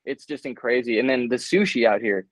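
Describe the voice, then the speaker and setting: A young man talking as an interview guest, energetic and slangy, full of hype. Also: medium pitch, brisk, no echo. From United States. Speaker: guest, baseball prospect. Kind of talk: casual interview chat. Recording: dull, dry remote call audio.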